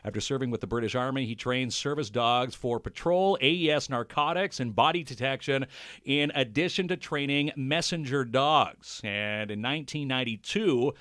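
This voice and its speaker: Male co-host, mid pitch, dry close studio sound, easygoing chat. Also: normal speed, a bit bright, dry recording. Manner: upbeat, reads sponsor intros. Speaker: podcast co-host. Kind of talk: casual podcast chat. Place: small recording studio. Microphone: studio mic.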